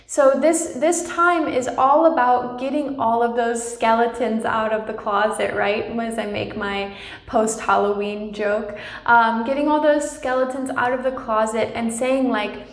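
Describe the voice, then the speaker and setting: Gentle woman with a roomy echo. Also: fairly high pitch, steady tone, unhurried. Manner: gentle and reassuring, often adds "right?". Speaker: spiritual channel host. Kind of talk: personal spiritual talk to viewers.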